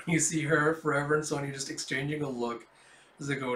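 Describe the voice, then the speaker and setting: A man's voice: fairly high pitch, fairly even intonation, brisk, fairly bright tone. A man casually reading a comic book aloud, with swearing and laughing asides. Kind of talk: casual comic readthrough narration. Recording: roomy echo.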